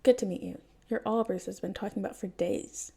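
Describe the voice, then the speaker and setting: Give me a friendly, teasing country father, a grown man who jokes theatrically with his little son, as a woman reading a story aloud voices him, with a gravelly, mellow tone and a rough edge to the words. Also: mid-range voice, steady tone, brisk. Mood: cheerful. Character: cheerful playful male rural dad.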